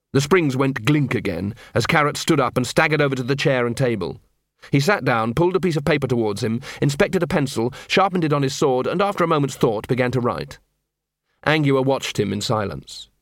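Expressive male audiobook narrator. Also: medium pitch, no echo, studio quality. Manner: expressive, character-driven storytelling. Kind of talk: scripted narration.

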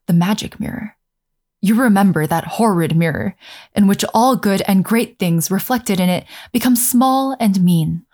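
A woman narrating a fairy tale in a gentle, measured storytelling manner. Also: medium pitch.

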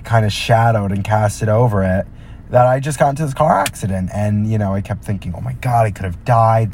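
A man's voice: on the low side, darkish tone, slight background noise. Young man rambling on his podcast. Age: young adult. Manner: rambling and jokey, talks straight to listeners. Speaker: podcast host. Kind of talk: casual solo chat.

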